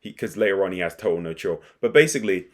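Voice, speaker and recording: A young man casually recapping and reacting to an anime episode, rambling and excitable with frequent restarts. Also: sits low, fast talker. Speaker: anime commentator.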